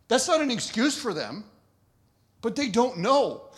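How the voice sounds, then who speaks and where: High-voiced man preaching casually. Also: very animated, unhurried, pauses often. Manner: conversational, laughs often, restarts mid-thought. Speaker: pastor. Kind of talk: sermon.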